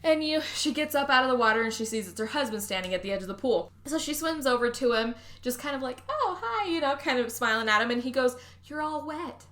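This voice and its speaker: A woman hosting a podcast, recapping a movie in casual chat, animated and swearing, acting out the characters' lines. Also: a little high, fast talker, few pauses. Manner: animated, swearing, acts out quotes. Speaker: podcast host.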